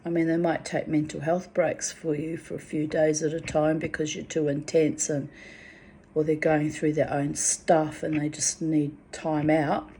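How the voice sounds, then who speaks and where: Woman spiritual vlogger, slow and dark-toned, venting bluntly and with profanity. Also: low voice, flat delivery, a little hiss or hum. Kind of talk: emotional monologue to camera.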